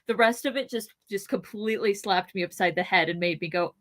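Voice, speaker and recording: A woman co-hosting a podcast in casual chat, talking with quick asides and frequent laughter. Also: medium pitch, fairly bright tone. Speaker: podcast co-host.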